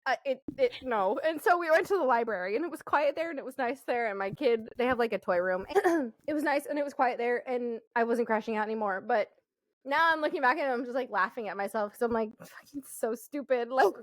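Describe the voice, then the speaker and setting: High-voiced woman telling stories with lots of swearing. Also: fairly quick, dry recording. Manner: animated, profanity-laced storytelling with frequent laughter. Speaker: podcast co-host. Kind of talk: casual chat.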